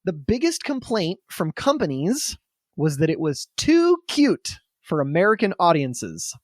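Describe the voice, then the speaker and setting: A man hosting a casual podcast, telling a story in an animated, swearing, chatty way. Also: high voice, measured pace, dry recording, clean studio sound.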